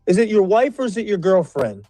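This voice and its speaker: A man on a livestream panel in an angry, profanity-heavy rant. He restarts his sentences and keeps repeating himself, and his voice pitches sharply upward as he shouts. The audio is dry and close, with faint music underneath. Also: big pitch swings, fairly quick, no room sound. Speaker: panel guest.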